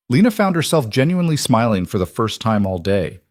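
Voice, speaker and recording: A man narrates a story in a steady, scripted way. His voice is on the low side for a man. The recording is close and dry, with no room sound. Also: fairly quick, hardly any pauses, no echo.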